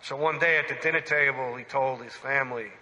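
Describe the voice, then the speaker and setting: A man, a priest, preaching a sermon in an animated, emphatic way and putting direct questions to his listeners. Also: medium pitch, fairly quick, background noise. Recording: long church reverb.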